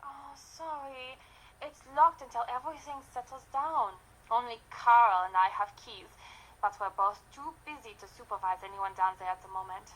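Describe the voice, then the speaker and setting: A woman's voice: on the high side, moderate pace, fairly bright tone, poor audio. An actress with a German accent playing a polite, formal female castle steward in a mystery game. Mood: apologetic. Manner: courteous, formal, slightly apologetic.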